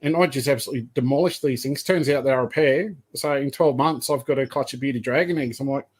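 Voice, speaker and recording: A man's voice: mid-range voice, quick pace, slightly rough. A man in his fifties with an Australian accent, a podcast guest rambling through long anecdotes. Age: 50s. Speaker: guest, python breeder. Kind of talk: casual podcast chat.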